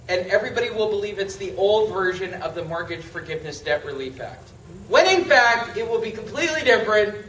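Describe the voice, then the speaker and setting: Guy with a high bright voice teaching a seminar, super emphatic, mic kinda far off. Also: slight background noise. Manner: emphatic, animated, rhetorical questions. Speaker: real estate trainer. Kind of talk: seminar lecture. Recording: echoey room from a distance.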